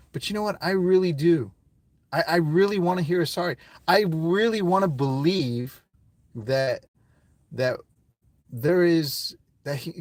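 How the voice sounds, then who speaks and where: A man in a candid street interview, emotional and near tears, talking in halting bursts with repeated words and heavy swearing, outdoors on a street. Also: fairly high pitch, no echo.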